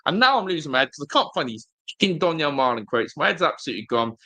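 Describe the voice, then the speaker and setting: A man's voice: a little high, big pitch swings, fast talker, pushed and bright. A man, hosting a live football watch-along from a hotel room and ranting angrily at his team, swearing and repeating himself. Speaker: fan channel host.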